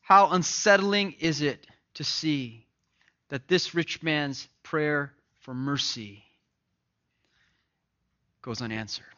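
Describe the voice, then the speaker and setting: A male preacher delivers a fervent sermon. He swings from loud, ringing emphasis to hushed, grave lines. His voice is bright and tense, and the recording sounds dull and lo-fi. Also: fairly high pitch, slow pace, pauses often. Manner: impassioned, swings from loud to hushed, repeats words.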